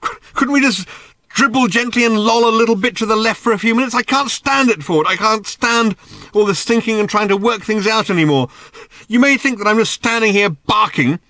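A man voicing Arthur, a fed-up man who shouts with sarcasm and melodrama. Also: sits high, wildly swooping pitch, normal speed, few pauses, no room sound, pitched above the performer's own voice, heavily acted. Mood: frantic.

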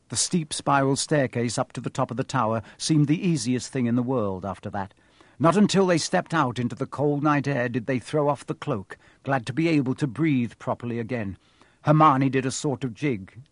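A man narrates a storybook in a measured, expressive way. His pitch sits in the middle range, and the recording is dry and close with no room around it. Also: no room sound. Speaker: audiobook narrator.

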